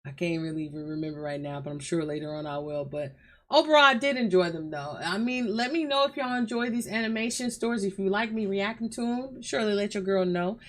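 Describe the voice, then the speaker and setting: A woman chats casually with her viewers in a loose, rambling way. She calls them y'all and swears freely as she talks. Her voice sits at a middling pitch, and she speaks from her bedroom at home. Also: quick pace. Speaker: reaction video host.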